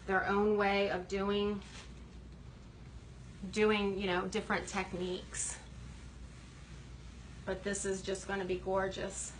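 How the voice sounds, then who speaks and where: In a workshop, a woman walks through refinishing furniture step by step, explaining casually as she works and breathing hard from buffing. Her voice is medium-pitched and a bit bright. The recording is low quality, with slight background noise.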